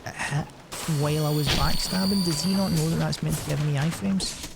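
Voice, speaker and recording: A man's voice: on the high side, fairly even intonation, moderate pace, vocal fry, loud music behind the voice. A man rambling and swearing casually while streaming a game. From Scotland. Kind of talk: casual gameplay commentary.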